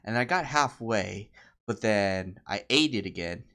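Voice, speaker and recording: Guy on a podcast telling a story, voice jumps all over, does high squeaky voices for other people. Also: measured pace. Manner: animated storyteller, acts out quotes in high voices. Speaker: podcast co-host. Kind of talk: casual chat.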